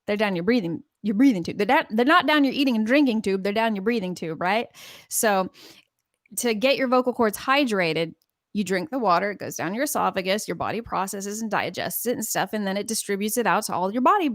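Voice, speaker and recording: A woman's voice: medium pitch, fairly quick. American lady singing teacher, chatty live lesson, dry no-echo mic, keeps laughing and going off track. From California. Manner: chatty and rambling, laughing often. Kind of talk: casual live-stream voice lesson.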